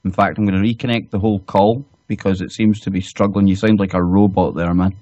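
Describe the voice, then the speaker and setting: A man's voice: low-pitched, little pitch movement, fast, warm tone, no echo, lo-fi sound. A Scottish man hosting a casual online radio talk show, joking and teasing his co-hosts. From Scotland. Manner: joking, teasing, laughs often. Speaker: show host.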